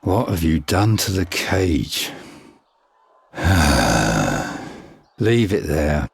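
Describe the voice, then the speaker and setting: An actor playing a tired, gruff older hunter and trapper in a video game. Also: male voice, extremely low pitch, sing-song, drawn-out words, exaggerated voice. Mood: weary. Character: weary older male hunter and trapper, foster father.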